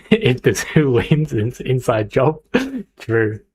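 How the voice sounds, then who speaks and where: A man's voice: mid-range voice, very animated, slow pace, a little mellow, husky. A young man streaming live, chatting casually and hyping up his viewers as he picks a team. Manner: chatty, hyped, talks to chat. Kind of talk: casual livestream chat.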